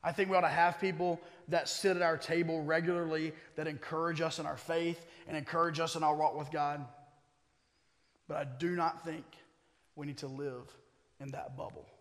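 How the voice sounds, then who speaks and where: A male pastor preaching a sermon, conversational at times and building to forceful emphasis. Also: a little high, level tone, moderate pace, in a large hall. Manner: conversational asides with humor.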